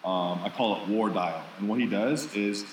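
A man's voice: lowish voice, normal speed, reverberant, far from the mic, a little hiss or hum, poor audio. A man co-hosting a casual podcast, telling a long candid story with self-deprecating asides.

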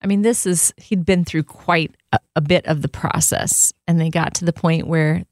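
Lively woman telling a faith story. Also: deep voice, normal speed, dry recording, clean studio sound. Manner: animated storyteller, acting out her own thoughts. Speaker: podcast co-host, pastor's wife.

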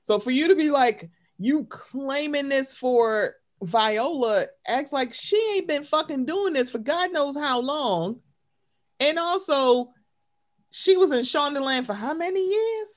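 A woman's voice: high-pitched, expressive, unhurried. A woman co-hosting a casual chat, ranting emphatically and profanely, acting out quoted voices. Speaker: podcast co-host.

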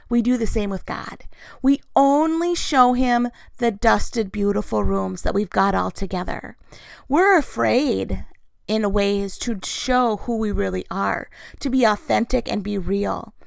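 Woman talking about faith, kinda gravelly, higher voice, dry close sound, candid and personal. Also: no echo. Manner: candid, confessional, warm storytelling with laughs. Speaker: christian vlogger. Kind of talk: personal devotional talk.

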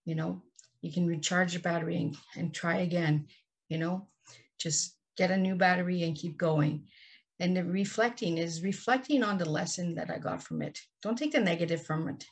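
A woman's voice: lowish voice, slightly rough. A woman guest on a podcast interview, telling her life story in an earnest, heartfelt way. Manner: earnest, heartfelt, slow and deliberate.

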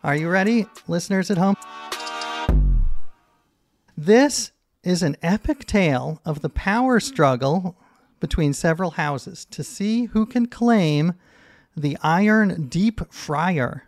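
A man's voice: high voice, animated, takes it slowly, long pauses, faint music behind. A man hosting a puzzle podcast, reading clues aloud and teasing his guest in a playful way.

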